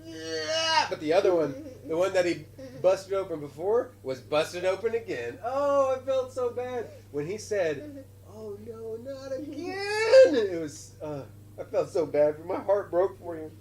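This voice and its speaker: A man hosting a casual chat with his young son, telling stories in an animated way and laughing often. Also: high-pitched, normal speed, a little hiss or hum. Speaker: podcast host and father.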